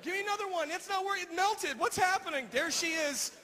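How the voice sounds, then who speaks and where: A man doing a stand-up rant on a comedy stage. His voice sits very high and sounds bright and sharp, and it carries a long echo from the hall over faint hiss. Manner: rapid rant with repeated "all right?". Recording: reverberant hall, faint noise.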